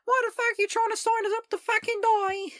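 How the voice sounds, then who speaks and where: A man voicing his teenage schoolboy self as a squeaky, outraged, mock-posh boy who rants and swears. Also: little pitch movement, fairly quick, sharp tone, no echo, clean studio sound. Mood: indignant. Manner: shrill sweary ranting.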